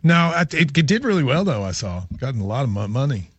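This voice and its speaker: Lively, husky radio host. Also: male voice, mid-range voice, quick pace, no echo, dull audio. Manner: rambling, animated storytelling with restarts. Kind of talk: casual radio chat. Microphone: studio microphone.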